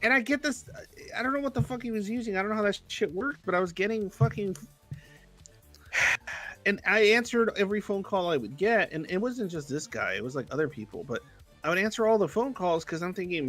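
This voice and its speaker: Young guy ranting on a stream, swears constantly, bright pushy voice, a bit of music in the back. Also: sits high, lively intonation, brisk. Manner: profane, exasperated ranting with heavy swearing. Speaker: livestream co-host. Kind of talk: casual livestream chat.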